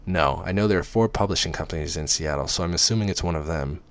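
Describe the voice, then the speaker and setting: A man's voice: deep voice, fast talker, no room sound. A man voicing a shy, nervous young woman in a storybook reading, speaking tentatively.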